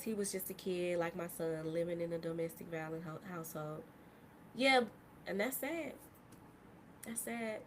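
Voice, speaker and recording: Female podcast host, heated profane monologue, bright edgy tone, faint room hum. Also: on the low side. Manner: impassioned, profane, swings from soft to shouting. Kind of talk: live-stream monologue.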